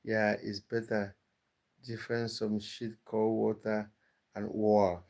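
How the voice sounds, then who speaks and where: A man with a somewhat low voice hosts a live stream, talking loosely with his viewers. He reads comments aloud and riffs on them, often repeating a word several times before finishing a thought. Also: flat delivery, slow pace, a little mellow. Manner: repeats words and restarts often, chatty. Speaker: livestream host reading chat. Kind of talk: casual live chat. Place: lives in UK.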